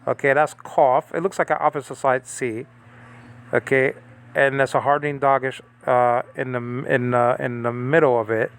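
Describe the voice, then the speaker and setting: A middle-aged man teaching biblical Hebrew from home in a halting, chatty way, full of fillers and restarts. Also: medium pitch, little pitch movement, clear, resonant tone. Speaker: Bible language teacher. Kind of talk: informal screen-share lesson. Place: home in the Philippines.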